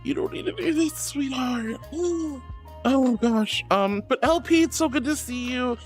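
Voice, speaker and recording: A man's voice: very high voice, unhurried, soft background music. A man streaming casually, reading viewer messages aloud and calling them sweetheart and honey in a gushing, playful way.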